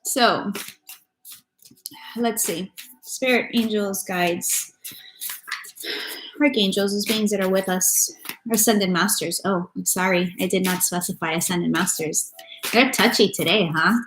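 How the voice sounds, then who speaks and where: A woman's voice: medium pitch, measured pace, long pauses, a bit bright. Chatty woman doing a tarot live stream. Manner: chatty, loose and swearing, greets viewers by name. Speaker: tarot reader. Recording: echoey room with faint noise.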